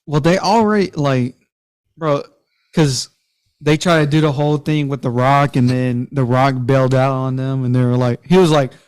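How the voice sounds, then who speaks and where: A man's voice: mid-range voice, fairly even intonation, normal speed, darkish tone, clean tone. A man co-hosting a casual comedy podcast, talking in a laid-back, slangy way and laughing often. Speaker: podcast co-host.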